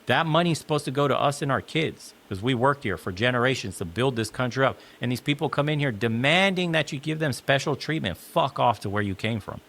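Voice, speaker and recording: A man's voice: medium pitch, expressive, brisk, vocal fry, few pauses, fairly bright tone. A man in a clip played from another video, delivering a blunt, heated, profane opinion rant. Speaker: commentator in a reacted video.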